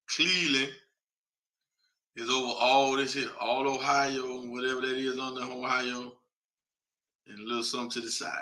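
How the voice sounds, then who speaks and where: A man with a medium-pitched, sharp-toned voice hosts a casual broadcast. He thinks aloud while reading a list off a map, talking straight to his viewers in an informal, chatty way.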